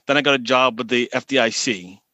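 A man's voice: mid-range voice, brisk, sharp tone, no echo. A man with a Boston accent, a podcast guest telling stories in a rambling way and often repeating words. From Boston area. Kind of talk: casual chat.

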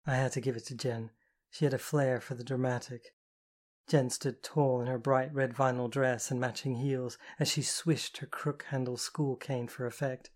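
An audiobook narrator telling a first-person story. The delivery is even and intimate, with a steady voice of middling pitch. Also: moderate pace.

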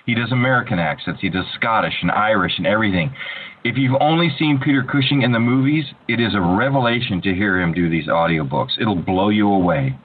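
A man's voice: on the low side, a little fast. Man telling stories over a tinny line. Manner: animated storyteller with frequent restarts. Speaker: voice actor guest. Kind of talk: casual interview chat. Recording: tinny phone-like line with faint hiss.

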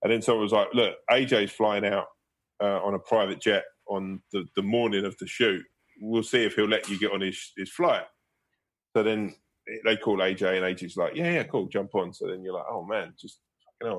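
A man's voice: lowish voice, steady tone, a little fast, a bit bright. A man, a guest comedian, telling rambling anecdotes in a casual interview, laughing and swearing as he goes.

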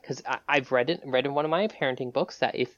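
A woman's voice: extremely low pitch, fast, dry recording, highs cut off. A woman voicing a flustered, eager mother hosting a party, who stammers and over-explains.

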